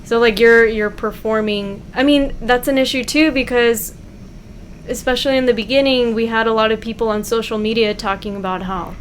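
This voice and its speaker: Chatty woman, slightly high voice. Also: steady tone, moderate pace, a little hiss or hum. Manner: chatty, laughs often, many fillers. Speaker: podcast co-host. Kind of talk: casual podcast conversation.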